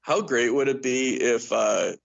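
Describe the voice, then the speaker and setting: A man's voice: medium pitch, unhurried, vocal fry. A man co-hosting a casual movie podcast, riffing with loose jokes and plenty of "like"s. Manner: jokey, loose speculation with many "like"s. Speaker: podcast co-host. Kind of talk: casual chat. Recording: muffled lo-fi mic.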